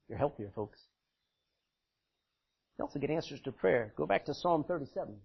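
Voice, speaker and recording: Middle-aged preacher man, high husky voice, folksy and emphatic, dull lo-fi recording. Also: lively intonation, normal speed, pauses often. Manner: emphatic, folksy, swings between loud and quiet. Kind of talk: sermon.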